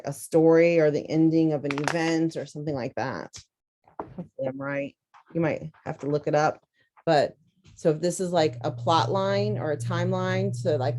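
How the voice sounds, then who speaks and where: Slow, low-voiced Southern teacher. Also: female voice, mellow, slight background noise. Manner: casual, thinking aloud, sounding words out slowly. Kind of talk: instructional demonstration.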